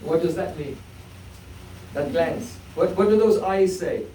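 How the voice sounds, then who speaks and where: A man giving a devotional story lecture as a spiritual teacher, acting out the characters' lines and laughing softly now and then. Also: a little high, measured pace, a little hiss or hum. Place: festival hall. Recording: roomy hall audio from a distance.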